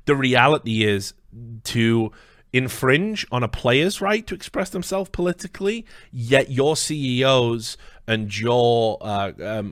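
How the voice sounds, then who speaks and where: A man's voice: medium pitch, fairly bright tone, dry recording, studio quality. Indignant, swearing male commentary host. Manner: indignant, swearing, rhetorical questions. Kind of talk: angry commentary rant.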